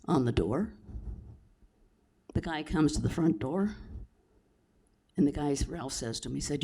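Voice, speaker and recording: A man hosting a town hall, slowly telling a joke to the audience. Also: a little high, lively intonation, dark tone, slightly rough. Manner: slow, drawn-out storytelling.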